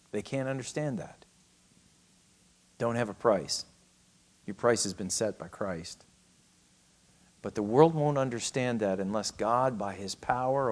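A man preaching a sermon on a scripture passage, acting out the quoted lines and swinging from raised to hushed delivery. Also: mid-range voice. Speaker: pastor. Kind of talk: expository sermon.

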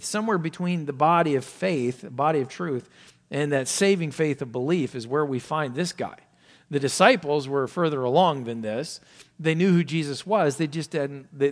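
A male pastor with a somewhat high voice delivers a sermon. He peppers it with rhetorical questions and drops from ringing emphasis to near-whispered, low remarks. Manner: swings from loud emphasis to hushed, low asides; asks many rhetorical questions.

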